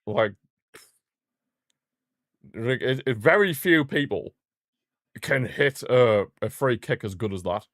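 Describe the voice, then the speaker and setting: Excitable fan streamer, dry close mic. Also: male voice, mid-range voice, slow, pauses often, dry recording. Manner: excitable fan, bursts into shouting at goals. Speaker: football watchalong streamer. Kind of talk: live match watchalong commentary.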